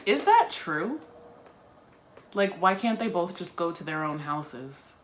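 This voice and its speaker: A woman's voice: on the low side, sing-song, slow, slight background noise. A woman reading a book aloud on her video channel and breaking off for chatty, wry asides. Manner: chatty, wry asides between read passages. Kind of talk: casual chat while reading a book aloud.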